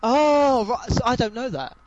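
A man's voice: extremely high pitch, measured pace, dull audio, very noisy. A man with a southern English accent, a podcast guest telling jokey, sweary stories in casual chat. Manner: sweary, jokey, animated storyteller.

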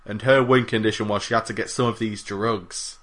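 A man's voice: on the low side, steady tone, brisk, a bit bright. A man co-hosting a podcast in casual chat, rambling and self-mocking with plenty of swearing. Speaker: podcast co-host.

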